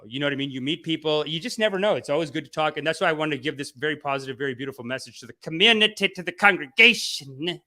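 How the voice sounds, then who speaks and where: Bright, lively male mock guru. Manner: mock-preachy, playful, mimics people in high voices. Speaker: comedy guru host. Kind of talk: satirical spiritual-guru livestream.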